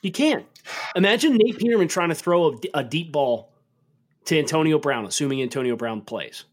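A man co-hosting a football podcast, talking through draft takes in a measured, analytical way. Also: on the high side, animated. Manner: measured analysis, turns incredulous and emphatic when joking. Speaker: podcast co-host. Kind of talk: casual sports podcast chat.

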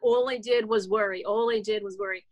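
A woman's voice: mid-range voice, fairly even intonation, a little fast, low-quality recording. A woman in her forties, a children's author, telling her story as an interview guest in a casual, earnest way, with many restarts and "like" fillers. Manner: rambling, frequent "like" fillers and restarts.

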